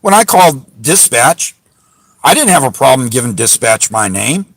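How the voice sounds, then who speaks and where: A man's voice: mid-range voice, big pitch swings, normal speed, creaky, a bit bright, dry recording, poor audio. A man ranting casually about a run-in with police, frustrated and indignant, rambling with many restarts and fillers. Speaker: channel host recounting a police encounter. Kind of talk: casual rant to camera. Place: parked car.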